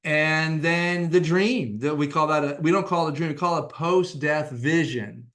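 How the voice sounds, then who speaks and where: Man explaining in a measured way. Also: on the high side, a bit bright. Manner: measured and explanatory, with frequent "uh" fillers. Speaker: psychotherapist presenting on a webinar. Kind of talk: educational talk.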